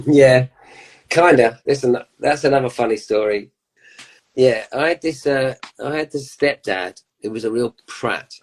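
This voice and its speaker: Man, fifties, musician guest, casual anecdotes, mid pitch. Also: a little slow, low-quality recording. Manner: rambling anecdotal storytelling with laughs. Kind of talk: casual chat.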